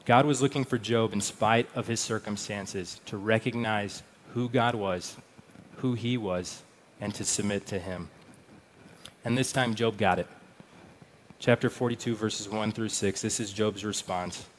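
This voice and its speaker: A pastor delivers a sermon in a relaxed, conversational way, often repeating words as he goes. His voice sits on the low side, and he slips into reading scripture aloud. A faint hum of background noise runs underneath. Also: unhurried.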